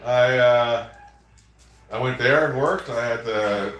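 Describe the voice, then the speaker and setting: A man's voice: mid-range voice, slow pace, pauses often, fairly bright tone, soft background music. A man chatting casually on a livestream, rambling through work stories and swearing freely. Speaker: livestream host. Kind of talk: casual chat. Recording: echoey room, far from mic, faint noise.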